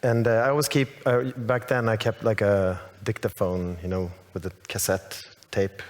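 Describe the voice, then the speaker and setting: At a casual onstage interview in a large hall, a Swedish-born songwriter whose native language is Swedish tells a rambling, hesitant story, restarting often. He speaks at a normal pace in a lowish, level voice.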